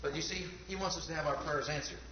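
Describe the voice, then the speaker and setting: A man's voice: fairly high pitch, fast, slight background noise. A man preaching a fervent sermon, firing rhetorical questions at the congregation and calling for amens. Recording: echoey, dull lo-fi church recording.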